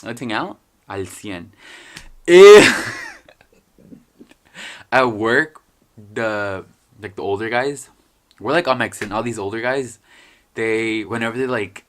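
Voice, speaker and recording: A man's voice: lowish voice, unhurried, pauses often, pushed and bright. Joking, foul-mouthed young man rambling. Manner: rambling, swears a lot, joking. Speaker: vlogger. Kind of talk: casual storytime vlog.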